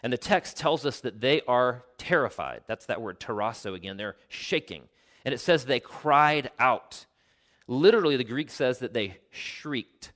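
A pastor with a medium-pitched, expressive voice preaches a sermon, telling stories with animation and explaining the original Greek. For emphasis he drops to a quiet, slow voice.

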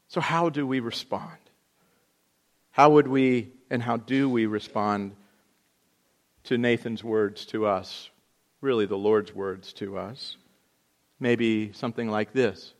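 A male pastor reading scripture and preaching a sermon earnestly, moving between emphatic passages and quiet reflection. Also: on the low side, steady tone, takes it slowly, long pauses.

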